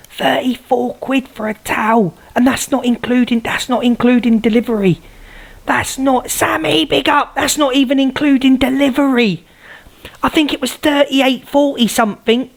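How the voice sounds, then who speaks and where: A woman's voice: a little high, lively intonation, normal speed. A woman hosting a live stream, chatting casually, swearing freely and calling out greetings to viewers. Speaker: livestream host.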